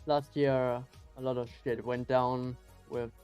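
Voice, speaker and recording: A man speaks very slowly on a casual chat, pausing and restarting as he looks for words. He laughs a lot between thoughts. Faint music sits behind him. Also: medium pitch, level tone, a little mellow, clean tone. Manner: halting, hesitant, laughs a lot. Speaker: guest.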